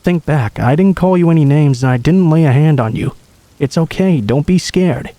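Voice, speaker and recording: A man's voice: a little high, normal speed, mellow, dry recording, pitched above the performer's own voice, close to an everyday voice. A man voicing a protective young male country boy who talks in an earnest, reassuring way.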